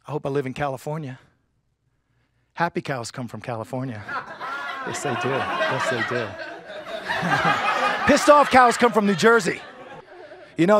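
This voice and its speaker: A man performing a stand-up comedy set on stage, with punchy delivery and silly character voices. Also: high voice. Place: stage before a live audience.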